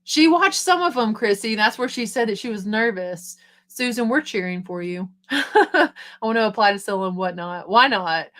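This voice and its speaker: A middle-aged woman hosts a casual live stream, talking fast and upbeat as she reads out viewer comments. Her voice sits at an ordinary pitch, and her tone stays encouraging and chatty. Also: animated, fairly bright tone.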